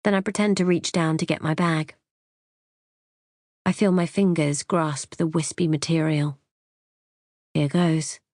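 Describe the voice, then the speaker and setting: A woman's voice: low-pitched, steady tone, a little slow, long pauses, darkish tone, dry recording, clean studio sound. A woman reading a first-person thriller in a wry, conversational way. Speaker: audiobook narrator.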